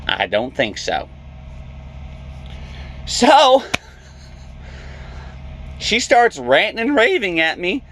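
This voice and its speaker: A man's voice: high voice, extremely slow, long pauses, a little hiss or hum. A man, a truck driver, telling a story in a vlog and acting out the people in it. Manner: animated storyteller, acts out quoted voices.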